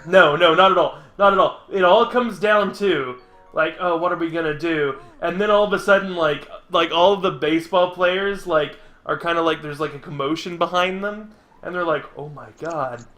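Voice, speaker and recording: A man's voice: high voice, normal speed, sharp tone, soft background music. A young man streaming a game, telling a long rambling story full of fillers and laughter. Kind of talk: casual gameplay chat. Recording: echoey room.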